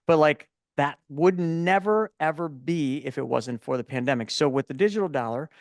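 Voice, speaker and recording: A man in his forties, a guest in an interview, telling stories in a lively, casual way and often repeating words as he starts a thought. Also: fairly high pitch, normal speed, no room sound, studio quality. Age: 40s. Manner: animated storyteller, repeats words when starting.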